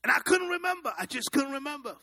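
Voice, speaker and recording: Pastor, man from Africa, middle-aged; lively sermon storyteller with a raised voice. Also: very high voice, fast. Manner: animated, dramatic, asks the congregation questions.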